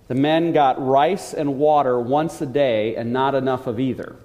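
A man preaching a sermon, telling a story earnestly and slowing down to stress key points. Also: medium pitch, fairly even intonation, lo-fi sound. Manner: earnest storytelling, slows for emphasis. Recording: long hall reverb.

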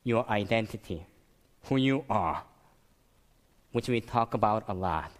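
Slow-spoken male preacher. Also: lowish voice, animated. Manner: slow, emotional storytelling with many repetitions. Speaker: pastor. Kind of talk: sermon.

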